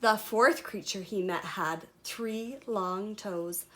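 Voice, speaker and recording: A woman reading a picture book aloud to preschool children, animated and chatty. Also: mid-range voice, slow, slight background noise. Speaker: preschool story reader.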